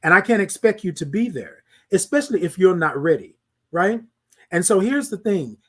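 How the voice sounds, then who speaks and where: A man's voice: sits high, moderate pace, husky. A man hosting a casual monologue podcast, talking animatedly and preaching to listeners. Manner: animated, preachy, asks listeners "y'all feel me". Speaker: podcast host.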